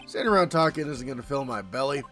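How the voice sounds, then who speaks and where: A man voicing a gruff, hungry middle-aged male detective who talks bluntly and calls people "pal". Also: mid-range voice, lively intonation, fast talker, fairly bright tone, soft background music, lightly acted. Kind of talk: voicing a game character in a playthrough.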